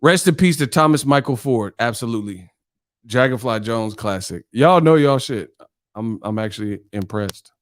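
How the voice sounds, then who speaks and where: A man's voice: medium pitch, animated, normal speed. A male channel host in a casual live-stream chat, telling stories animatedly and laughing often.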